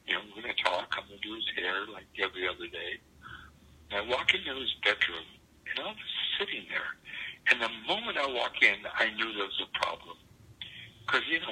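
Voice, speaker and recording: A man's voice: lowish voice, slightly rough, low-quality recording. A man in his seventies, an interview guest telling a story vividly and dramatically. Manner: vivid, dramatic storyteller with sudden shifts in loudness.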